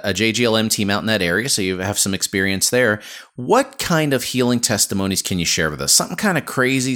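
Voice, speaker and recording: A man's voice: mid-range voice, fairly bright tone. A man hosting a podcast, talking casually and with enthusiasm, filling his talk with "just" and "awesome". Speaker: podcast host.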